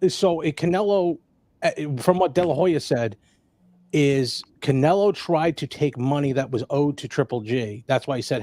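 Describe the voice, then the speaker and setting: A man hosting a casual live stream, explaining things in a halting, conversational way with lots of fillers. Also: on the high side, mellow. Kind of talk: casual chat.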